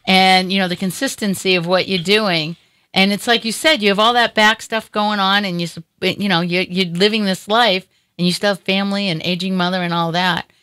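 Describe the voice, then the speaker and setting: A woman's voice: mid-range voice, fairly even intonation, a little fast, pushed and bright, clean tone, no room sound. A woman hosting a talk show, chatting casually with a guest in a rambling way with many fillers. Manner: chatty, rambling, lots of "you know". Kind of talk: casual interview chat.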